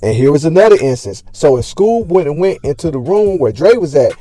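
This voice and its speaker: A man with a dark, mellow voice narrates short recaps between interview clips. He sums up each story and points out what made it special. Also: a little high, big pitch swings, brisk, no room sound.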